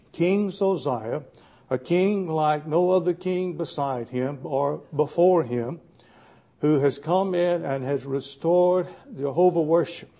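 Man, preacher, gravelly mellow voice, folksy and halting, bible sermon. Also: a little high. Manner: folksy, plainspoken with frequent "uh" pauses.

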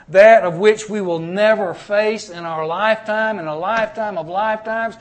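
Slow, high-voiced impassioned male preacher. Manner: swings from hushed, dropping low to rising, loud and impassioned. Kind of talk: sermon.

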